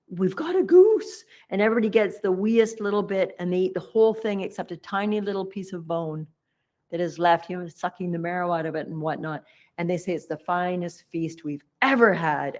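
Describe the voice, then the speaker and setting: A woman leading a meditation session gives a lighthearted dharma talk in a somewhat low voice, chatting animatedly through a story and playfully performing each character.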